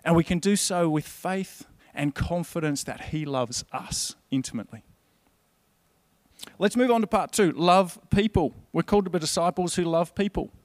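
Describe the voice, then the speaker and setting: A man preaching a conversational, earnest sermon in a slightly higher voice. The sound is dry and close, with hardly any room around him. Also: normal speed, no echo.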